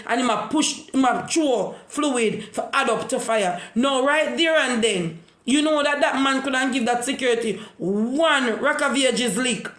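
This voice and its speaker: Jamaican woman vlogger, repeats herself as she preaches, recorded in a room with echo. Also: a little high. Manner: repetitive, preachy storytelling. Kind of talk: casual monologue.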